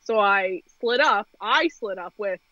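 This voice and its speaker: Young woman podcast co-host, bright voice, lively storyteller, dry lo-fi mic. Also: medium pitch, measured pace, dry recording. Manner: animated storyteller, laughs often. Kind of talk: casual podcast chat.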